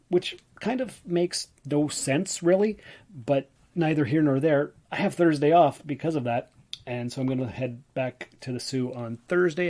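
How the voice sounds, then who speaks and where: A man's voice: medium pitch, a little mellow. A man from Ontario, Canada, tired and yawning, talking through a casual solo podcast in a chatty, rambling way full of fillers. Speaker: podcast host.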